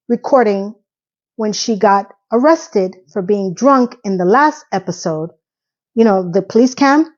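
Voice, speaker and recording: A woman talks through a TV episode recap in a chatty, sarcastic style, often sounding incredulous. Her voice sits in a middle pitch. The recording is slightly dull and lo-fi. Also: darkish tone. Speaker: TV recap vlogger.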